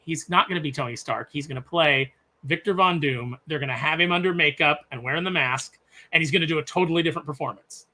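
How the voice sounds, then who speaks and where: A man on a podcast panel in casual chat, ranting with sarcastic, animated energy. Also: a little high, quick pace.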